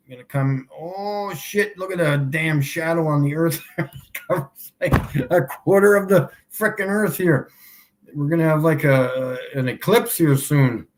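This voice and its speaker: Slow-talking mocking male streamer. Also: a little high. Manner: mocking, laughs often at his own points; repeats himself slowly for emphasis. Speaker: livestream host. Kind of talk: casual livestream demonstration.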